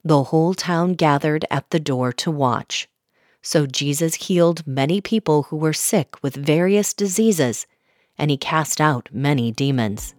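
A woman giving a measured, even reading of a scripture passage. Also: low-pitched, dry recording, studio quality. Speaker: Bible reader.

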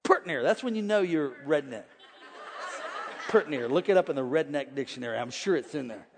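A man in his forties preaching a sermon as pastor, energetic and folksy, jumping from shouts to hushed, joking asides. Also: high-pitched, brisk, long reverb tail. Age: 40s. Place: large church hall with congregation.

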